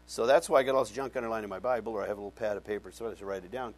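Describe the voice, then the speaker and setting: A man preaching a Bible-teaching sermon, animated and conversational, often asking his congregation questions. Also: lowish voice, very fast, hardly any pauses. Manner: conversational, folksy. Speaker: pastor.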